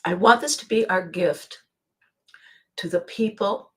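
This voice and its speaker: Rambling older woman podcaster. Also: fairly low pitch. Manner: rambling, emotional, with frequent laughs and pauses. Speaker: podcast host. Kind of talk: personal monologue.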